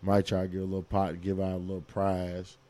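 A man co-hosts a podcast in a brash, hyped way and swears freely. His voice is lowish and mellow. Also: completely flat delivery, fairly quick. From Kentucky, US. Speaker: podcast co-host. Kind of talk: casual podcast chat.

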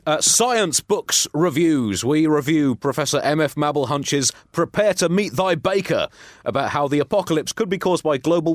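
A man's voice: fairly high pitch, dry recording, studio quality. A man co-hosting a comic podcast, rambling and self-mocking, chuckling through his jokes. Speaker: podcast co-host.

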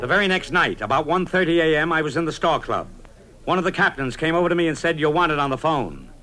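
A middle-aged man tells a first-person story in the punchy style of a vintage radio columnist. His voice sits a little higher than most men's, and his delivery stays brisk and dramatic. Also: a bit bright.

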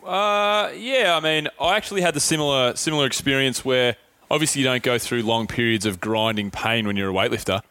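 An easygoing Australian man hosts a podcast chat and swears casually as he talks. His voice is bright and forward, and it is recorded dry and close. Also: medium pitch, brisk, smooth, no echo. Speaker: podcast host.

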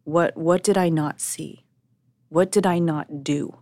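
A woman's voice: low voice, steady tone, takes it slowly, a little mellow, no echo. A middle-aged woman co-hosting a podcast, talking candidly and emotionally, often restarting her sentences as she searches for words. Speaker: podcast co-host.

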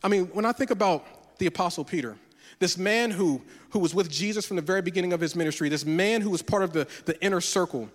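A man preaching a sermon as a pastor, telling personal stories in an animated way and acting out the dialogue. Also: high-pitched, quick pace, long reverb tail.

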